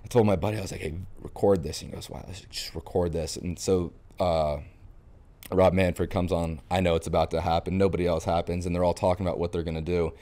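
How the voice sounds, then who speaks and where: A man's voice: low-pitched, quick pace. A young man from Florida, a podcast guest, telling stories in a casual interview and acting out the lines he quotes. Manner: animated storyteller, acts out quoted lines. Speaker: podcast guest, baseball catcher.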